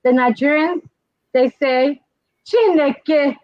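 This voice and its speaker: A woman with a Liberian accent hosting a casual talk show, animated and laughing as she teaches slang phrases. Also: high voice, slow pace, no room sound. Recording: dull, dry lo-fi sound.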